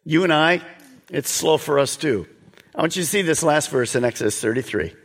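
A man preaching a sermon, earnest and exhorting, sometimes dropping to a soft, slow voice. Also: a little high, animated, long reverb tail. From United States. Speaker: pastor.

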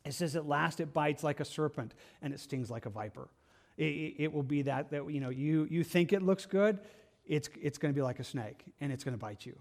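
A man's voice: on the high side, fairly quick, a little mellow. A man preaching a sermon as pastor, earnest, with frequent repeated words and restarts.

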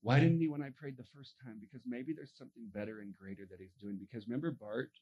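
A man's voice: medium pitch, fast talker, dull audio, a little hiss or hum. A male pastor telling a sermon story, acting out the voices in it and laughing often.

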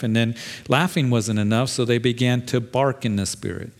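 A man's voice: medium pitch, moderate pace, a little mellow. A middle-aged pastor preaching a sermon in a conversational, plain-spoken way, acting out quoted voices as he goes.

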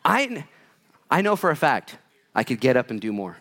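Brief: male pastor, sermon delivery, very lively pitch, loud then hushed. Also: moderate pace. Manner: animated, swings from loud to hushed; reads scripture aloud.

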